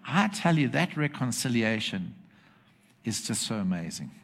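A man's voice: medium pitch, sing-song, moderate pace, gravelly, a bit bright. Emphatic male preacher. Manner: emphatic, asks the congregation for agreement. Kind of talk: sermon. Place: church with congregation.

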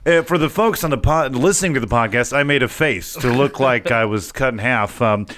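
A man's voice: medium pitch, fairly bright tone. Jokey male podcast host. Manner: jokey, quick to laugh and riff. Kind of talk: casual chat.

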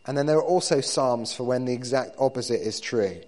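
A male pastor delivering a sermon in an everyday speaking voice at a middle pitch. His delivery is conversational and unpolished, with frequent restarts and doubled words as he gathers his thoughts. He speaks to the congregation the way he would talk to friends. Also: expressive, a little fast, a little mellow. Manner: conversational, repeats words while building points.

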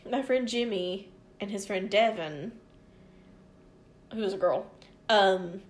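A woman's voice: mid-range voice, slow pace. A woman in her forties telling a long story in casual chat, rambling and swearing freely as she quotes other people. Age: 40s.

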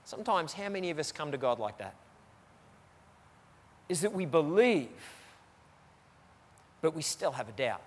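A man's voice: on the high side, big pitch swings, unhurried, long pauses, long reverb tail. A man preaching a sermon to his church, repeating key phrases for emphasis. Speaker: pastor.

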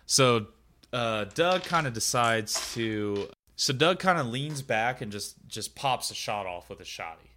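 A man's voice: mid-range voice, animated, a little slow, bright, forceful tone, slight background noise. A man narrating a tabletop game as game master, talking casually and rambling with lots of filler words.

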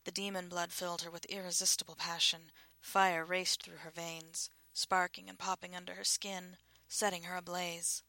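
Hushed, breathy woman narrator. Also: on the low side, flat delivery, moderate pace, few pauses, no echo. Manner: hushed, breathy, often half-whispered. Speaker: audiobook narrator. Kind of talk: scripted narration.

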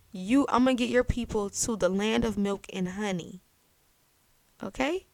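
A young adult woman hosting a faith podcast, telling a Bible story in a lively, chatty way. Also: medium pitch, dry recording. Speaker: podcast host. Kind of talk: faith-based podcast talk.

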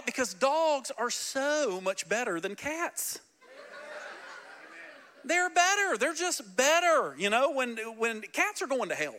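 Bright, high-voiced preaching man. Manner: animated, joking, talks directly to the congregation. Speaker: pastor. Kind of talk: sermon. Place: church sanctuary.

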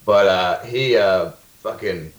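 A man's voice: low-pitched, slow pace, roomy sound. A man with a Southern accent, a guest on a casual podcast chat, rambling and swearing freely. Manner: rambling, profane, loses his thread.

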